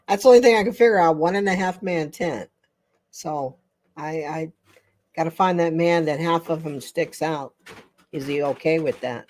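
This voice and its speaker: A woman's voice: deep voice, normal speed, long pauses, darkish tone. An older woman hosting a casual livestream chat with viewers, chatty and rambling, often breaking into laughter. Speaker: livestream host.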